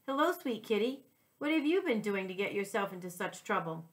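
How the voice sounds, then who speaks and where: A woman's voice: medium pitch, big pitch swings, a little fast, close to an everyday voice. A cooing, sweet-voiced pet groomer woman, read by a teacher. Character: cheerful, sweet-talking female pet groomer.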